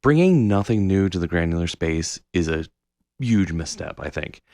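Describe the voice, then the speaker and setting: A man co-hosting a podcast, ranting in casual, profane, animated chat. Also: low voice, normal speed, no room sound, studio quality. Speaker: podcast co-host.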